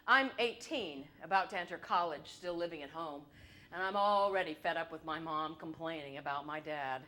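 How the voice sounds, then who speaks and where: A woman performing a solo stage show, telling her family story in an animated, comic, wry way. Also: fairly low pitch, normal speed. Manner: animated, comic, shifts between wry and loud.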